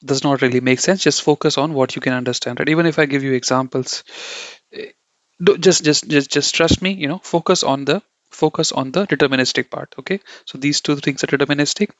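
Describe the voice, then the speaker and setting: A man with a fairly high, slightly bright voice talks a little quickly while teaching German off slides. He rambles casually, repeats himself, and keeps checking in with "okay?" and "you know." The recording is dry, with no room sound, and has a dull lo-fi quality.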